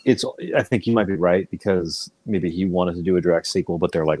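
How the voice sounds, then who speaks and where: A man co-hosting a casual movie podcast swears freely and gets excitable, often trailing off and restarting his sentences. His deep voice moves a little fast, with no room sound at all.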